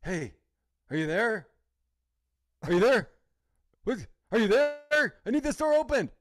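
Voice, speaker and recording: A man voicing an impatient heist leader who keeps calling out louder and louder. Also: extremely high pitch, big pitch swings, unhurried, pitched above the performer's own voice, exaggerated voice. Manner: insistent, repeating himself louder.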